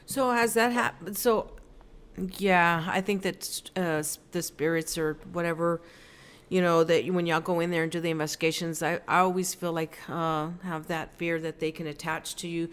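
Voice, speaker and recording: A woman's voice: fairly low pitch, steady tone, moderate pace, clean tone. A woman hosting a podcast, asking hesitant, rambling questions. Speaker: podcast host. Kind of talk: casual interview.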